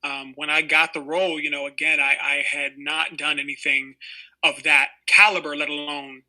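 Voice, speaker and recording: Bright-voiced man in his twenties, rambling. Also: a little high, flat delivery, moderate pace, low-quality recording. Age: 20s. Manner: rambling, heavy on fillers like "you know". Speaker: actor guest. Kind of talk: casual interview storytelling.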